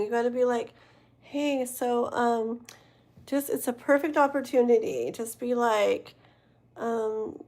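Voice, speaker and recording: A woman's voice: a little high, fairly even intonation, takes it slowly, pauses often, a little mellow. A woman hosting a late-night livestream as a tarot reader, chatting casually with her viewers in a rambling way and sounding tired. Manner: chatty and rambling, talking to viewers in chat, many fillers and self-corrections. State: tired and yawning.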